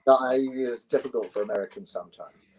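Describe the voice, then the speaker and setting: An older English man with a London accent, a guest recalling stories in a relaxed, rambling way with many self-corrections. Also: medium pitch, brisk, music in the background, rough recording. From London, England. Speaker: guest, actor and musician. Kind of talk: relaxed conversational interview.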